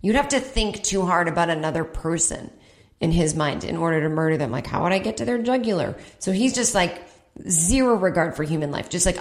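A woman comedian telling a story with a lowish voice that leaps up high as she acts out the people in it. She sounds lively and expressive. The room around her is echoey. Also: a little fast. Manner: animated, acts out voices with big pitch jumps. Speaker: podcast host and comedian. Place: home in Brooklyn.

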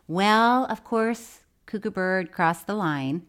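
A woman's voice: takes it slowly, fairly bright tone, clean tone. A woman co-hosting a podcast, casually recapping a crime documentary with a teasing, playful manner and frequent laughter. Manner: teasing, playful, laughs often, drops to a low mutter for asides. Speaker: podcast co-host.

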